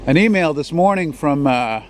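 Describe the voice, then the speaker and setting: A man's voice: a little high, expressive, normal speed, background noise. A man, walking outdoors on a city street and filming a casual vlog on a handheld camera, talking in a rambling, profane way with plenty of fillers. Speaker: vlogger.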